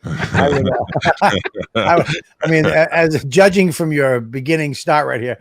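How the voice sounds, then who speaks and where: A man's voice: a little high, unhurried, vocal fry, no room sound. A man co-hosting a comedy podcast, rambling loosely with lots of "you know" and "man". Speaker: podcast co-host. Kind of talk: casual comedy podcast banter.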